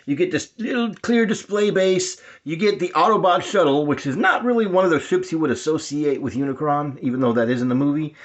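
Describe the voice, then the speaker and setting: A man casually unboxing a collectible toy in his cluttered apartment, rambling excitedly and chuckling, recorded on a handheld cellphone. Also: on the high side.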